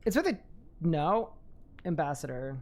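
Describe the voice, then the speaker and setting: Excitable young woman streaming a game. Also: low-pitched, measured pace. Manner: excitable, laughs often, talks to chat. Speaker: gaming streamer. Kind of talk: live gaming commentary.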